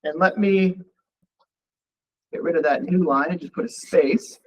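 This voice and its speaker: A man's voice: on the high side, unhurried, low-quality recording. A man teaching a college programming class, thinking aloud as he types and runs code. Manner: relaxed, thinking aloud while typing code. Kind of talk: live coding lecture.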